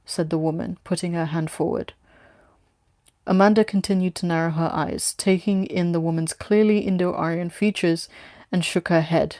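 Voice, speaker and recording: A woman reading her own story aloud with steady, plain narration. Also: fairly low pitch, brisk, dry recording, studio quality.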